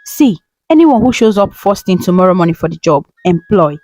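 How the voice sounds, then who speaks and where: A woman's voice: lowish voice, very animated, a little fast, dark tone, no room sound. Sylvester, a woman voicing a flustered young male boss. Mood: exasperated. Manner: flustered and impatient.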